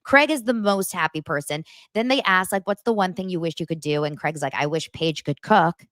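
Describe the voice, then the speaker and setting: A woman's voice: fairly low pitch, expressive, brisk, fairly bright tone, no room sound. A young woman hosting a podcast, chatting casually and retelling reality-show scenes with lots of fillers. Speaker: podcast host. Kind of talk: casual pop-culture chat.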